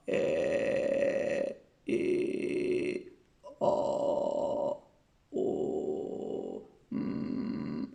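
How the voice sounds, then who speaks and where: Slow, emphatic woman vocal teacher, roomy echo. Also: a little mellow. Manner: emphatic, repeats key points, demonstrates with low creaky sounds. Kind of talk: spoken singing lesson to camera.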